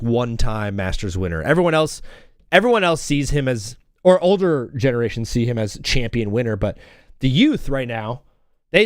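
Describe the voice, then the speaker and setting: A man's voice: medium pitch, clean tone, no room sound, clean studio sound. A young man hosting a casual live sports stream, rambling and joking while he calls game plays as they happen. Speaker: livestream sports host.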